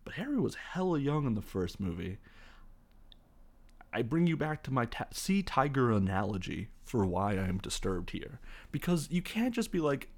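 A man's voice: medium pitch, sing-song, normal speed, darkish tone. A man giving a casual, rambling, jokey recap of a film scene by scene, with lots of fillers. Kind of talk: casual movie recap commentary.

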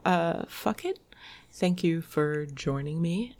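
A woman's voice: fairly low pitch, lively intonation, takes it slowly, darkish tone. A woman reading tongue twisters aloud in a casual solo video, laughing and swearing at her own slip-ups.

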